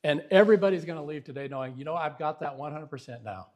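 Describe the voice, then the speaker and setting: A man's voice: a little high, quick pace. A male preacher giving a Bible lesson in sermon style, emphatic and often asking the audience rhetorical questions. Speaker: preacher teaching Bible syntax.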